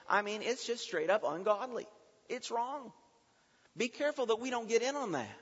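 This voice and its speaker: A man delivers a sermon from a church pulpit. His bright, fairly high voice climbs to forceful emphatic peaks and then sinks low. The sound is muffled and rings with long hall reverb. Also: breathy edge. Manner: rising to emphatic near-shouts, then dropping low. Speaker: preacher. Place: church sanctuary. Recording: dull recording in a long-echo church hall.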